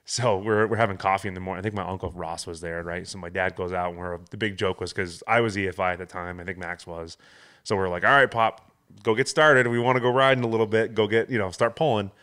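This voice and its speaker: Man, low voice, podcast host, casual storytelling, laughs a lot, acts out sounds. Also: fast, fairly bright tone. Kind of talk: casual chat.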